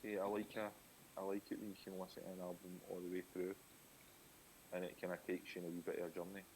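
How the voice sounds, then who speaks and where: A man's voice: low-pitched, completely flat delivery, quick pace, gravelly, darkish tone, poor audio. A Scottish man in his thirties chatting casually while drawing on a live stream, laid-back and easygoing. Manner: laid-back, says aye and wee a lot. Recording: faint hiss.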